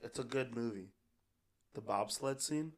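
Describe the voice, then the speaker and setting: A man's voice: medium pitch, unhurried. A young man in a casual podcast chat, making short, dry interjections.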